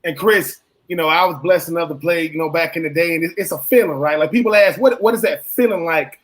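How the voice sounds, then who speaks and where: A man, a co-host and former college player, asking long, animated questions in casual talk and often repeating himself. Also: a little high, quick pace.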